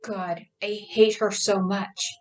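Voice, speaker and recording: A woman's voice: mid-range voice, steady tone, measured pace, far from the mic, close to an everyday voice. A woman voicing a sarcastic, bitter young woman who speaks in a dry manner. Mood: angry.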